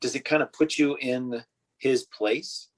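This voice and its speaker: A man chatting casually about an old film on a podcast, his voice a bit husky. He rambles and circles back with plenty of fillers, laughing now and then. His pitch sits in an ordinary middle range. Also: fairly even intonation, measured pace. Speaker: podcast host.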